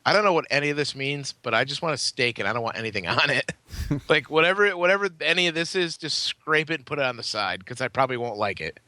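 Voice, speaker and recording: Lively blunt man telling stories. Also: mid-range voice, fast, no echo. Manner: blunt storyteller, swears freely, acts out quotes. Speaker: podcast co-host. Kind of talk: casual podcast chat.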